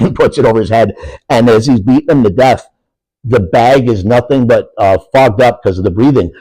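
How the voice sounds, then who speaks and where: A man's voice: on the low side, darkish tone, no room sound, rough recording. A middle-aged man with an Upper Peninsula Michigan accent, chatting casually as a guest, rambling and laughing easily. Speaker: wrestling guest. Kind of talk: casual podcast chat.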